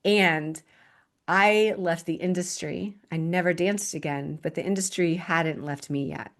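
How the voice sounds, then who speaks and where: A woman in her forties, a podcast host, telling her personal story in an earnest, slow and reflective way with frequent restarts. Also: fairly low pitch. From Texas, United States. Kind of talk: personal testimony monologue.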